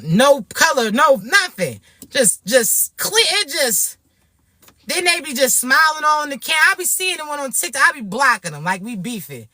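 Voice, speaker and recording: Brash, animated woman. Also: fairly high pitch, unhurried, no echo. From Florida. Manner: brash, profane, animated storytelling. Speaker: vlogger. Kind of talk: casual rant to camera.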